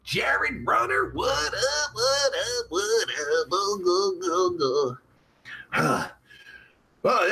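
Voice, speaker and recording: A man's voice: sharp tone, heavily acted. A man playing a crude, boastful adult male pimp in an improvised live-chat comedy rant. He has a sore throat, and his talk is vulgar and rambling. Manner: vulgar, rambling, swings pitch up and down. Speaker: live-stream comedy host in character.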